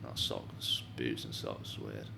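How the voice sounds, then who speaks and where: A man's voice: a bass voice, huge pitch swings, drawn-out words, gravelly, darkish tone. Mancunian man telling stories, chatty. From England. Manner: chatty storytelling, swears, many "like" fillers. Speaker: professional boxer guest. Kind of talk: casual chat.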